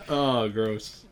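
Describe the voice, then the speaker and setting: A man's voice: a little high, a bit bright, a little hiss or hum. A man hosting a casual, joking podcast and reading out listener emails. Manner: joking, laughing often. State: sore shoulder. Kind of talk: casual comedic chat.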